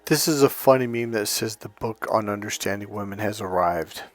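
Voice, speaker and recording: A man's voice: fairly low pitch, moderate pace. Emphatic man lecturing on dating. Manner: emphatic, repetitive lecturing with anecdotes. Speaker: dating coach. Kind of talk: teaching to camera. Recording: faint music behind. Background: faint music.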